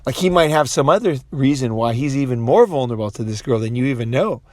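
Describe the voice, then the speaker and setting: A man's voice: medium pitch, animated, fast talker, no room sound, studio quality. A man in a casual, profane monologue who rambles, restarts often and puts on voices when he quotes people. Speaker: commentator.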